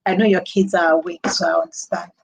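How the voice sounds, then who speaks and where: A woman's voice: fairly low pitch, level tone, fast, creaky. A young woman with a Nigerian English accent, hosting a casual live stream and chatting loosely, repeating herself and laughing often.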